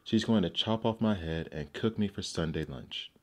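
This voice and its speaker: Man reading as a glum storybook rooster, sighing, low-pitched. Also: moderate pace, a little mellow, natural voice. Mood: gloomy. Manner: sighing, gloomy. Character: doomed farmyard rooster, sighing.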